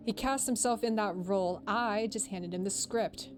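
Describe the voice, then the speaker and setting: A woman's voice: a little high, normal speed, hardly any pauses, a little hiss or hum. A young woman streamer reading a visual novel aloud, playful, laughing and voicing the characters. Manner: playful, laughs a lot, does character voices.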